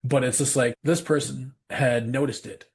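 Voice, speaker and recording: A man's voice: medium pitch, fairly even intonation, normal speed, slight background noise. A man, a pastor guest on a podcast, earnestly telling a personal story in a rambling way, often repeating himself.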